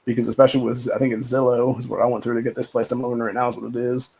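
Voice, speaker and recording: A man's voice: medium pitch, level tone, very fast, vocal fry, darkish tone, husky, low-quality recording. A man hosting a livestream, talking in a rambling, profane, casual rant with lots of repeated filler phrases. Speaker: livestream host.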